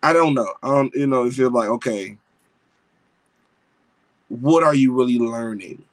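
A man's voice: mid-range voice, a little slow, no echo, rough recording. A married man hosting a wrestling podcast, chatting casually in slang with lots of fillers and restarts. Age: adult, married. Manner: excitable, rambling with slang and many fillers. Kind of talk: casual wrestling review chat.

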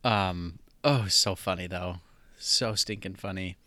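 A man casually telling a funny story, animated, acting out voices and laughing often. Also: low voice, takes it slowly, no room sound.

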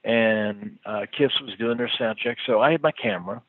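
A man's voice: lowish voice, moderate pace, dry recording. Chuckling man telling tour stories. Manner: rambling, chuckling storyteller with many fillers. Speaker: touring musician. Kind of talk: casual anecdote telling. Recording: tinny phone-like line.

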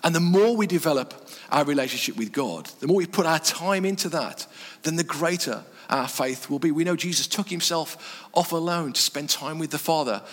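Man, preacher, fairly high voice, earnest sermon, short measured phrases, echoing hall. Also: a bit bright. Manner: earnest, pauses between short phrases, drops low on key words. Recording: long reverb from a hall.

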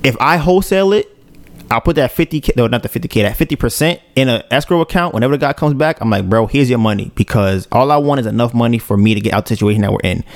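A man on a podcast, telling a story in a relaxed, slangy way. His mid-range voice has a gravelly fry, and the sound is close and dry with almost no room. He acts out his own quoted reactions as he goes. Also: mid-range voice, quick pace, no room sound. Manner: slangy and loose, with "bro" and "yo". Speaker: podcast host. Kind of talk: casual storytelling.

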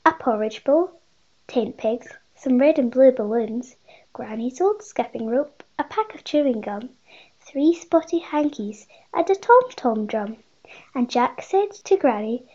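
A woman reading a rhyming children's picture book aloud, with a lively sing-song delivery and bigger voices for the characters. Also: a little high, slow, muffled recording. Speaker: storybook reader.

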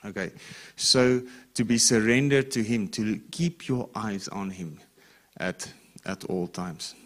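A man's voice: lowish voice, takes it slowly, a bit bright. A man preaching a sermon in a conversational way, reading scripture aloud and often checking in with the listeners. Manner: reads scripture with rising emphasis. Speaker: pastor.

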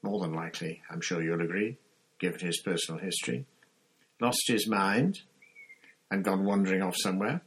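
A man's voice: low voice, moderate pace, pauses often, a bit bright, slightly rough, rough recording. A man voicing a fussy, defensive middle-aged male minister in an audiobook reading. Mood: blustering. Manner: insistent, defensive, impatient.

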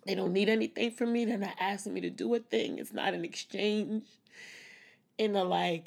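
A woman speaks candidly to camera in a personal vlog, open and reflective. Her voice sits at a middling pitch with plenty of gravelly vocal fry. Small laughs slip in as she talks. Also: steady tone, normal speed. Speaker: vlogger.

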